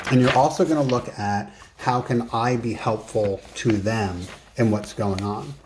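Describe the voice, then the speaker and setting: A man's voice: medium pitch, unhurried, few pauses, darkish tone, a little hiss or hum. A man coaching in a casual, conversational lesson, emphatic and given to joking asides. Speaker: business and life coach.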